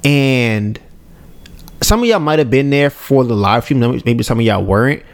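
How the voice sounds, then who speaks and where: His voice is mid-range and clean, his pace a little slow: a man co-hosting a podcast and relating a personal story casually. He animatedly plays out his own lines and those of others while frequently checking in with listeners.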